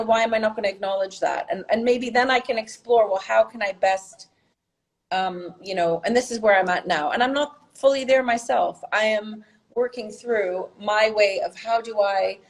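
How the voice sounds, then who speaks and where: A woman who works as a healer, talking as a podcast guest in an animated, expressive way, laughing often and her pitch jumping up. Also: low-quality recording. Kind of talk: conversational interview.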